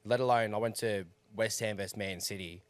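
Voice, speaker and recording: Young Aussie co-host, low register, blunt and sweary, dry close sound. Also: male voice, fairly even intonation, a little fast, no echo. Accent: Australian. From Australia. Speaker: podcast co-host. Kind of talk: casual chat.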